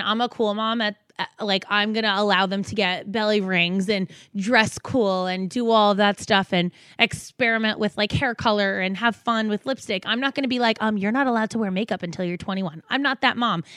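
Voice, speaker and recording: A young mother with a middle-height voice talks bluntly and swears without pause, acting out quotes as she goes. The sound is dry and close, with no room around it. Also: medium pitch, fairly bright tone, no echo. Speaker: podcast co-host, mother. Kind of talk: casual chat.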